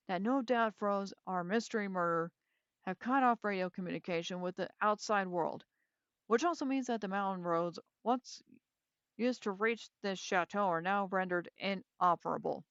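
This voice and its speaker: Brash male deputy, as a woman reads him. Smooth voice, dull dry read-aloud audio. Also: mid-range voice, fairly bright tone, no echo, lightly acted. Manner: brash, dismissive. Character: gruff, blustering male small-town deputy.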